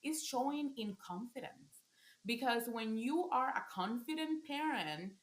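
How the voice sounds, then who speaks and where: A woman who works as a parent coach talks casually on a podcast in a slightly high voice with lively intonation and an unhurried pace. She sounds earnest and often restarts her phrases, and the recording has a roomy echo.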